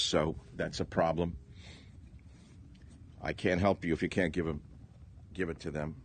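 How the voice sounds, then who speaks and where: An older man with a low voice rants through a political monologue. He swings from loud indignant outbursts down to low, muttered asides. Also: slight background noise. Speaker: radio talk host. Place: small cottage by the bay.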